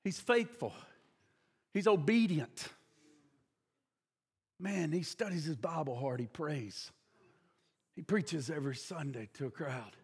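A man preaching a sermon, retelling a story in an animated storytelling manner and shouting at the peaks. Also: a little high, slow pace, long pauses, breathy edge, long reverb tail.

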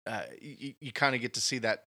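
A man with a bright, forward voice at a middle pitch chats about a film with a friend. He speaks haltingly and restarts his sentences often, working his thoughts out as he goes. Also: steady tone. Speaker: podcast co-host. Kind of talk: casual movie chat.

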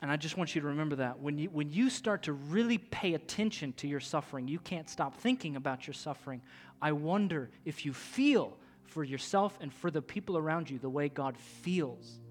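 Male pastor, high-pitched, impassioned and repetitive sermon delivery, faint music underneath. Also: animated, moderate pace, long reverb tail. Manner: impassioned, swings from hushed to loud; repetitive, rhetorical preaching with restarts.

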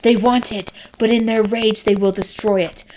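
A woman's voice: medium pitch, steady tone, moderate pace, a little mellow, lightly acted, low-quality recording. A woman reading aloud as a dying young soldier, hissing his last words between gasps. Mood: ominous. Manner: hissed, breathless. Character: dying young male soldier, gasping prophecy.

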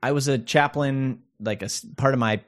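A man's voice: medium pitch, fairly even intonation, moderate pace. A man co-hosting a podcast, telling stories in a casual, rambling way with lots of fillers and laughs. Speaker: podcast co-host. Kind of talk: casual chat.

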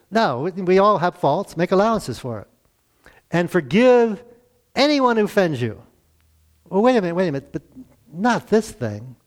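A man in his sixties preaching a conversational church sermon, chuckling often and asking rhetorical questions. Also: a little high. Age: 60s. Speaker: pastor.

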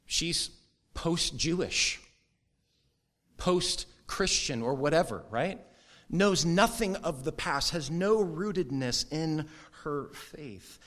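A man preaching a sermon, animated and conversational, with quick asides and brief mock voices for quoted people. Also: fairly high pitch. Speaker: pastor.

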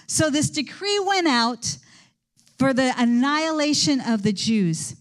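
A woman's voice: sits high, lively intonation, measured pace. A woman teaching a Bible lesson in an enthusiastic, rambling preaching manner. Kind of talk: sermon.

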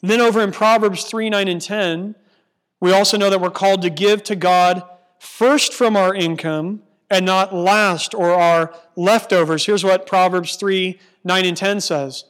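A male pastor with a high-pitched voice preaches an earnest sermon. He reads scripture aloud and slows down to stress key words. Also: a bit bright.

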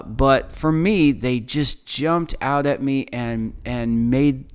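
A man co-hosting a casual faith podcast, talking earnestly in a halting, reflective way with frequent uhs. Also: mid-range voice, clear, resonant tone. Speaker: podcast co-host.

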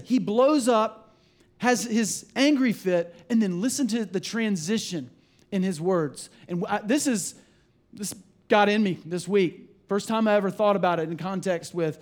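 A man with a fairly high voice delivers a sermon from the pulpit. He preaches in an animated way, breaking into acted-out quotes and conversational asides. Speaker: pastor.

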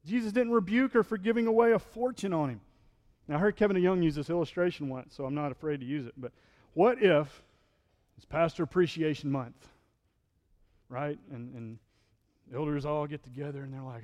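A man's voice: a little high, a little fast, a little mellow. Pastor guy preaching, talks casual, acts out the quotes, gets fired up, big echoey church. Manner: conversational preaching, acts out quotes, builds to fervent peaks. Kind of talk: sermon.

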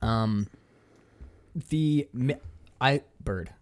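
A woman co-hosting a podcast in casual chat, animated, laughing often and mimicking voices. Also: extremely low pitch, drawn-out words. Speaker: podcast co-host.

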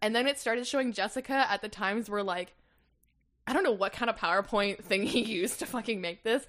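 A woman's voice: medium pitch, a little fast, fairly bright tone. A woman co-hosting a casual podcast, gossiping animatedly about a reality show, swearing freely and laughing along. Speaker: podcast co-host. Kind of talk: casual chat.

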